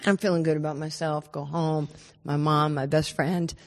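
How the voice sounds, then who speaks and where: A woman, telling stories as a podcast guest in an animated, laughing way. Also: low-pitched, moderate pace, big-room sound. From New York. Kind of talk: storytelling podcast interview.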